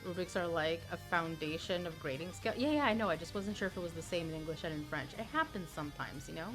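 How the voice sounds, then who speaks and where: A woman streamer with a fairly low voice talks fast over music, chatting casually and playfully with her viewers. She sounds a little tired and often repeats words when she restarts.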